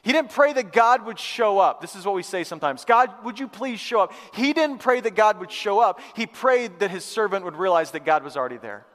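A male pastor giving a lively, conversational sermon to a live church congregation, repeating phrases for emphasis. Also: sits high, brisk, hardly any pauses. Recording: long hall reverb.

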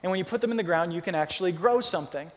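A man with a notably high voice preaches a sermon in a relaxed, storytelling way and acts out the characters as he goes. His voice rings out with a long reverb, as if in a big hall. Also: rapid-fire. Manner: conversational storytelling, acting out Bible characters. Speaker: pastor.

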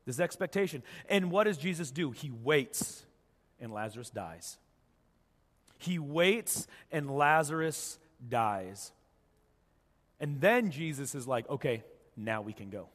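A man with a fairly high voice preaches a sermon. He tells the story casually and acts out what each person says. His voice rings with the long echo of a church hall. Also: very animated, slow. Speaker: pastor.

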